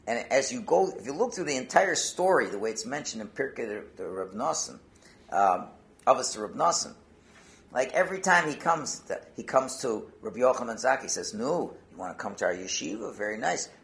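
Gravelly-voiced man retelling a story. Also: mid-range voice, a little fast. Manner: animated retelling, swinging between loud and hushed; conversational asides and restarts. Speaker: Torah teacher. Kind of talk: storytelling talk.

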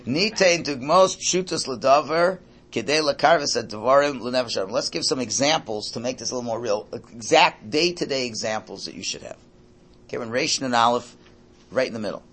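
An older man teaching a religious class to a room, lively and animated, often checking in with his listeners. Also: medium pitch, fairly quick, husky. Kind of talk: lecture to a class.

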